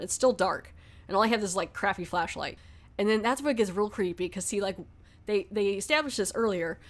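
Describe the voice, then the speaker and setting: A woman's voice: medium pitch, fast. Woman, movie reviewer, casual plot recap, rambling, filler-heavy. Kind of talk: casual spoken film recap.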